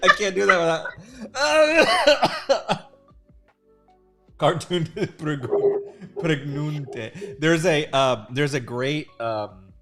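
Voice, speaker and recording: A man's voice: on the high side, expressive, drawn-out words, pushed and bright, soft background music. Giggly man chatting on a live stream. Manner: giggly, rambling, jokey. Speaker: sketch artist streaming live. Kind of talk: casual live-stream chat.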